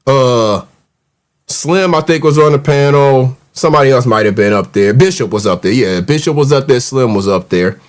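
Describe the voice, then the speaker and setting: A man's voice: medium pitch, normal speed. A man hosting a casual livestream, ranting in a mocking, profane, heated way and reacting to the live chat. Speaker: show host.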